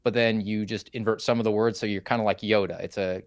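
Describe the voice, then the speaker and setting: Wry, halting male guest. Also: lowish voice, steady tone, no room sound, clean studio sound. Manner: wry, halting, repeats words. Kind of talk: casual political chat.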